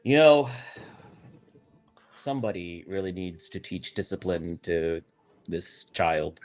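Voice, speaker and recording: A man's voice: low voice, animated, slow, darkish tone, voice pushed down. A man voicing a stern, proud male celestial warrior in a tabletop role-play, speaking in a haughty, clipped way. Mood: irritated.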